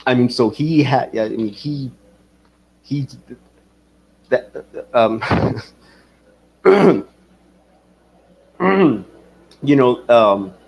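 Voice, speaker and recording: Rambling husky man live-streaming. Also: medium pitch, expressive, drawn-out words, pauses often, dull audio. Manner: rambling, swearing, reads chat aloud. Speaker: livestream host. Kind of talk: casual livestream commentary.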